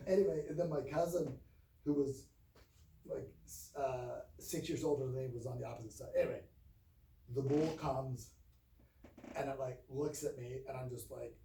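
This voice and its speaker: A man's voice: medium pitch, gravelly, slight background noise. Middle-aged male trainer, rambling storyteller, roomy echo, mic set far back. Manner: rambling, self-correcting, animated when telling stories. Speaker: training speaker. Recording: roomy distant mic, faint ambience.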